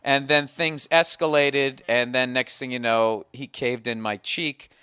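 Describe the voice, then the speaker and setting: A man's voice: mid-range voice, a little slow, clean tone, dry recording. A man hosting a casual comedy podcast, ranting and telling stories with lots of swearing. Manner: profane, ranting, animated storyteller. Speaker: podcast host.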